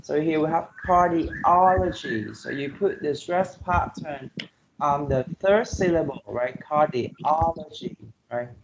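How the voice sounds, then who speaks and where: In an online class lecture, a male English teacher with a Vietnamese accent speaks slowly in a fairly high, animated voice. He tacks "okay" and "right?" onto nearly every phrase to check that students understand. The audio is dull, with a noisy background.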